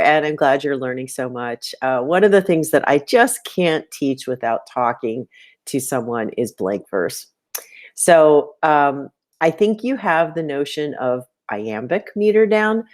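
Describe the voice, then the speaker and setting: A middle-aged woman teaching poetry, recording spoken feedback for a student in a relaxed conversational way, filling pauses with "um" and tapping out meter aloud. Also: low-pitched. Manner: conversational, many "um"s, reads lines aloud and taps out meter.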